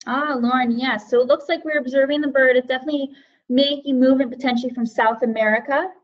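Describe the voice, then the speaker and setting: High-voiced woman leading a teaching webinar. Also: fairly even intonation, fast talker, lo-fi sound. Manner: friendly, reads out chat guesses and thanks participants. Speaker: webinar presenter for educators. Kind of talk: live online teaching webinar.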